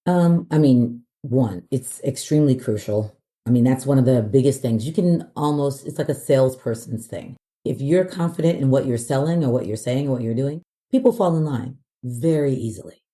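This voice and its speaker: Dark-voiced woman guest, confident. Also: a bass voice, moderate pace. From US South. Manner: confident, speaks clearly, with frequent fillers. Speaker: podcast guest. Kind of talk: casual interview talk.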